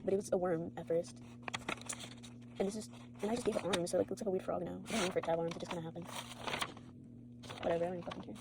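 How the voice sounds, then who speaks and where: Teen girl vlogger, very fast talking, tired, rambling, swearing, filmed on a phone at home. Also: lowish voice, flat delivery, very noisy. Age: teens. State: tired from an all-nighter. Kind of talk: rambling late-night vlog.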